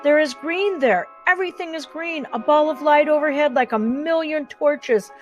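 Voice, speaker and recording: A woman's voice: high-pitched, moderate pace, muffled recording, faint music behind, pitched above the performer's own voice, natural voice. A woman voicing a young boy who is curious and scared in a storybook reading. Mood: wondering.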